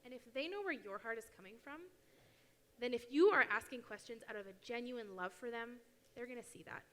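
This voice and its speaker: A young woman gives a casual, lively church talk and acts out little quotes as she goes. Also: on the high side, brisk. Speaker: youth speaker at church. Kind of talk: sermon talk. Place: church hall. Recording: long hall reverb.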